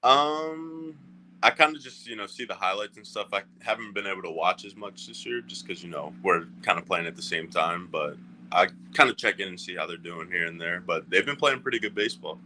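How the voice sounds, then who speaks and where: A man's voice: sits low, fairly quick, sharp tone. A young man from Southern Maryland, a baseball player, giving easygoing, short answers in an interview. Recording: faint background noise.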